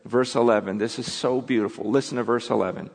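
A male pastor preaching a sermon, reading scripture quietly and then building to impassioned, pleading emphasis. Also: mid-range voice, fairly even intonation, fast talker, creaky. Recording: long hall reverb.

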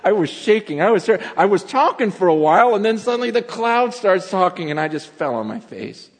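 A man's voice: high-pitched, big pitch swings, a little fast, in a large hall, heavily acted. A pastor voicing the apostle Peter as an earnest, insistent man retelling what he saw, in a casual everyday manner.

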